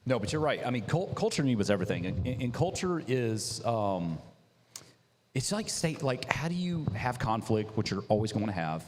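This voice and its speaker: A young man, a coffee business founder, telling his story in a casual interview, animated and slangy, acting out what people said. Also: mid-range voice, normal speed, a little hiss or hum. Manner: animated, slangy, acts out quotes. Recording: reverberant hall.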